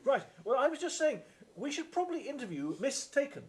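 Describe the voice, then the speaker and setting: A man playing a deadpan stage assistant. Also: extremely high pitch, fairly quick. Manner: deadpan, matter-of-fact replies. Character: deadpan male assistant with odd backstory. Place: live theatre stage.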